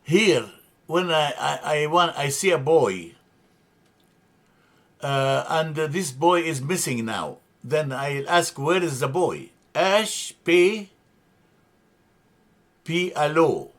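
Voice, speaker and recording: A man teaching a grammar lesson, halting with many fillers and restarts as he spells out words. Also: a little high, expressive. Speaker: language teacher.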